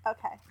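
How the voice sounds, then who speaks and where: A woman co-hosting a podcast in playful casual chat, often exclaiming and laughing. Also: warm tone. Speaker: podcast co-host.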